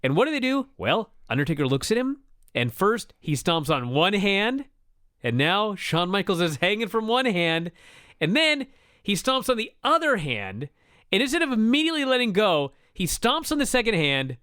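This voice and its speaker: A man co-hosting a wrestling review show, retelling a match with excited, profane storytelling. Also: high voice, moderate pace, smooth, dry recording, clean studio sound. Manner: animated storyteller, swears freely, laughs while telling. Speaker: wrestling podcast co-host. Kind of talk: excited casual review chat.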